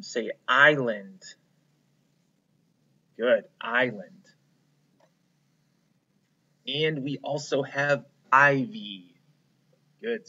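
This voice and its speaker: A man teaching a phonics lesson to young children, slowly prompting them to repeat words and praising them. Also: mid-range voice, pushed and bright, lo-fi sound. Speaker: kindergarten teacher.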